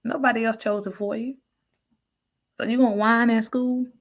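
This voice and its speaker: A woman's voice: on the high side, fairly even intonation, normal speed. A woman chatting casually through viewer comments, frank and sassy, laughing often. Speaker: vlogger reading viewer comments. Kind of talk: casual live chat.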